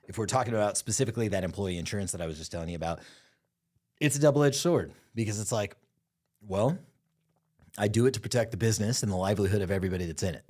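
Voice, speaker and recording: Male podcast co-host, low voice, rapid profane rants. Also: darkish tone. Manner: profane, fast ranting, drops into low reflective tone. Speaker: podcast co-host, business owner. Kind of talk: casual podcast chat.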